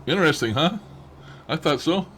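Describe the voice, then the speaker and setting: A man's voice: a little high, lively intonation, normal speed, a bit bright, a little hiss or hum. A man hosting a session, casually commenting and musing as he plays back recordings, chuckling to himself. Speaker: host reviewing spirit-box recordings. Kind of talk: casual commentary over playback.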